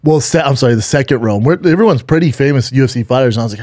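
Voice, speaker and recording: A man co-hosting a podcast in loose, casual conversation. His voice sits at an everyday middle pitch, and he rambles along, restarting sentences and swearing offhandedly as he tells a story. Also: very fast, darkish tone, dry recording, clean studio sound. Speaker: podcast co-host. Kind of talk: casual chat.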